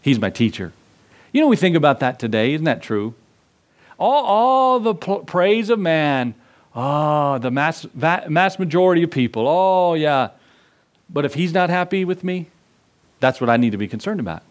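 A man's voice: on the high side, very animated, moderate pace. Impassioned preacher man, twang. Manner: impassioned preaching with sudden swings between loud and soft; acts out dialogue in a storyteller's voice. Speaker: pastor. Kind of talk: sermon.

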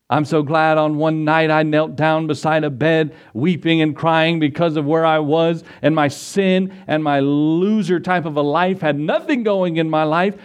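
A man preaching a sermon to his congregation, emphatic and repetitive, swinging between loud declarations and quiet asides. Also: a little high. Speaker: pastor.

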